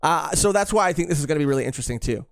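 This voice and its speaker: A man's voice: fairly high pitch, lively intonation, very fast, gravelly, no echo, clean studio sound. A man co-hosting a podcast live stream, chatting casually and rambling with lots of fillers and repeated phrases. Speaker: podcast co-host.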